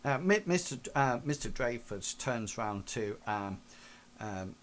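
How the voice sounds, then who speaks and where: A man's voice: medium pitch, animated, measured pace, fairly bright tone. A man running a tabletop game as game master, narrating in a rambling way with many fillers.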